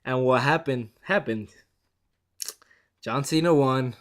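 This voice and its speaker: Excitable, chatty man giving a review. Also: mid-range voice, takes it slowly. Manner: excitable and chatty, often laughing. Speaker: show reviewer. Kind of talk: casual spoken review.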